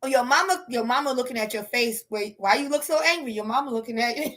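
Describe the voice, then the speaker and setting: Woman host, high and bright, animated home livestream chat, does quick character voices. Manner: animated, acts out quoted voices, laughs often. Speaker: live stream host. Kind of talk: casual monologue on relationships.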